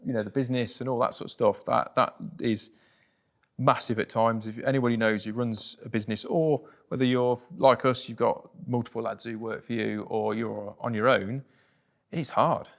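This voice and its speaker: A man's voice: mid-range voice, steady tone, normal speed, gravelly. A British man as an interview guest, telling a personal story candidly and plainly, with many fillers and restarts.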